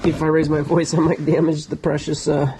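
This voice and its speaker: A man hosting a vlog who excitedly shows off his storage locker finds and thinks aloud as he goes, recorded on a camera inside a storage locker. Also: fairly high pitch, brisk, heavy background noise. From United States. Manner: enthusiastic, thinks aloud, drops into whispers. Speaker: storage locker reseller and channel host. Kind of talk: casual vlog, excited show-and-tell of finds. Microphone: GoPro camera.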